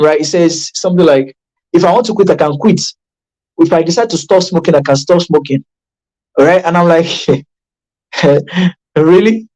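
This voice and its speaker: A man coaching addiction recovery in a motivational online class. He talks emphatically and repeats himself, often restarting sentences and checking in with listeners. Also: poor audio. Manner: emphatic and repetitive, with sharp pitch jumps for stress; conversational, with frequent restarts and check-ins.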